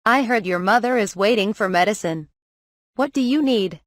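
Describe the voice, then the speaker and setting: A woman reading the lines of a stern twelve-year-old boy apothecary in an audiobook, in a calm, even voice. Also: on the high side, moderate pace, no room sound, studio quality, lightly acted. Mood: calm, firm.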